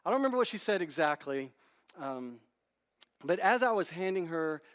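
A man's voice: a little high, very animated, moderate pace, a bit bright. A man in his thirties preaching a sermon in a church, telling a candid, self-deprecating story with many restarts. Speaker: pastor. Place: church sanctuary.

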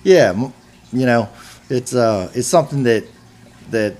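A man in his forties hosting a casual chat, talking in a halting, rambling way with frequent restarts. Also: mid-range voice, lively intonation, darkish tone. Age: 40s.

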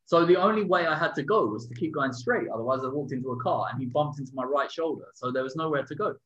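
A man telling a story in casual chat, animated and swearing, acting out what people said. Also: a little high, quick pace. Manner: animated, swearing, acts out quotes loudly. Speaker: podcast co-host. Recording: dull lo-fi sound.

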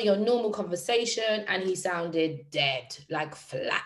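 Lively slangy woman telling a story. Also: medium pitch, measured pace, few pauses. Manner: lively, slangy and emphatic, repeats phrases. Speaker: motivational speaker. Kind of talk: personal storytelling talk.

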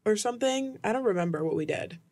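A young woman in her twenties, co-hosting a casual chat and telling a funny story, talking fast with lots of "like" and laughing often. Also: medium pitch, expressive, a little mellow. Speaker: podcast co-host.

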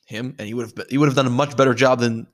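A man's voice: medium pitch, fairly even intonation, racing. Blunt, profane male film reviewer. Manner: blunt and profane, with frequent restarts and fillers. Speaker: movie reviewer. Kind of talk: casual spoken film review.

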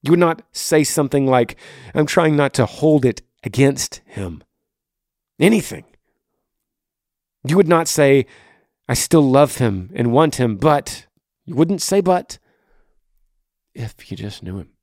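A passionate male podcast host who answers a listener's faith question in a voice of ordinary pitch. He swings between hushed, intimate phrasing and raised, direct emphasis. The recording is dry and close to the mic. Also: animated, takes it slowly, long pauses, no echo.

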